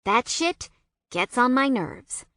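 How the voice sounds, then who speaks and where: A woman voicing a gossipy, excitable teenage girl who teases her best friend bluntly in an audiobook. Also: a little high, slow pace, dry recording, voice pushed up, exaggerated voice.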